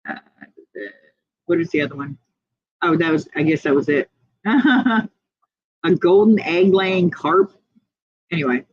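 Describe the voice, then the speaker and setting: A woman's voice: fairly low pitch, unhurried, pauses often, no echo, dull audio. A woman hosting a casual livestream, chatting, laughing often and reading viewer comments aloud. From United States. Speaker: livestream host.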